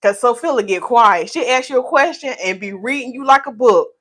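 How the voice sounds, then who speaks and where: A woman's voice: a little high, animated, brisk, fairly bright tone. Playful woman. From North Carolina, USA. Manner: playful, teasing, reads viewer comments aloud. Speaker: hairstylist host. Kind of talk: live stream chat Q&A.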